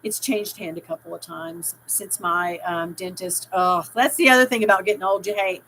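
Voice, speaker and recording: A middle-aged woman hosts a casual livestream, rambling, reading viewers' chat comments aloud, and laughing easily. Her voice is on the low side and sharp, with a steady tone and normal speed. The low-quality recording carries a little hiss or hum.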